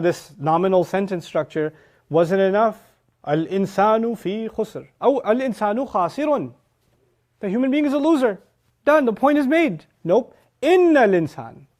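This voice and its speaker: A middle-aged man delivers a religious lecture in a fairly high voice. He is animated and emphatic, quoting Arabic phrases and briefly acting out his students' reactions. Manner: quotes Arabic phrases and explains them. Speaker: Quran teacher.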